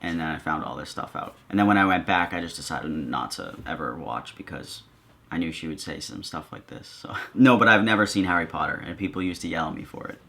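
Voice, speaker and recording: Low-voiced man, sarcastic vlog commentary. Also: brisk, gravelly, bright, forceful tone. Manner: sarcastic, joking asides. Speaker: video creator.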